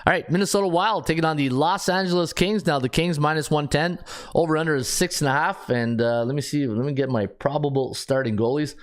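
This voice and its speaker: A man with a slightly high voice hosts a sports betting podcast, speaking briskly. In casual solo analysis, he thinks aloud while checking stats, restarting often and using filler words.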